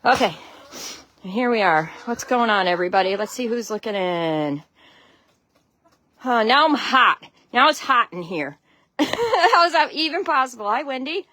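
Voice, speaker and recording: A woman's voice: mid-range voice, animated, unhurried, long pauses, bright, forceful tone, no room sound. A woman from Connecticut with a Connecticut accent, hosting a casual live stream from her outdoor chicken run, greeting viewers by name and laughing often, on a phone she carries as she walks. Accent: Connecticut (American). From Connecticut, USA. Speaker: backyard chicken keeper, livestream host.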